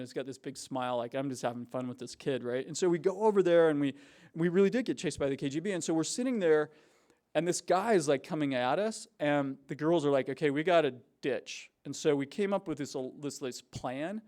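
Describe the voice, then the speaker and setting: A man telling stories to university students in a casual, animated way, with many fillers and restarts. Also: on the high side. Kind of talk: casual storytelling talk. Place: university hall before a student audience.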